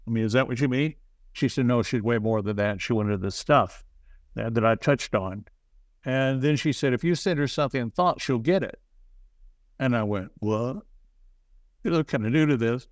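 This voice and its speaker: A man as an interview guest, telling stories in a rambling, halting way with self-deprecating asides. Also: medium pitch, no room sound. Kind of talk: casual storytelling.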